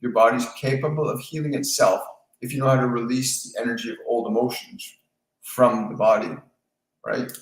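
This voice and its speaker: Calm, soothing male medium in echoey room. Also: mid-range voice, normal speed. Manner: calm, repetitive, coaching tone. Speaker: spiritual medium hosting a live Q&A. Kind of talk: live-stream talk answering viewer questions.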